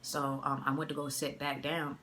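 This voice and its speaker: Deep-voiced young woman telling a story. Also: moderate pace, slight background noise. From Boston area. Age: young adult. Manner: animated, slangy, acts out the dialogue. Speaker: vlogger. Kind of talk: casual storytime. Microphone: phone mic.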